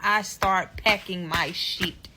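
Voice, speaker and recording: Bright-voiced woman telling a blunt storytime. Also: on the low side, fairly even intonation, takes it slowly, slight background noise. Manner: blunt, profane, addresses viewers directly. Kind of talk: storytime vlog.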